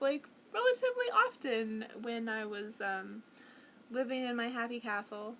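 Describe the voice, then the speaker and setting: Speaking to camera at home, this young vlogger has a fairly bright, expressive voice that sits on the high side and moves a little slowly. Her casual monologue wanders self-consciously, packed with fillers and restarts.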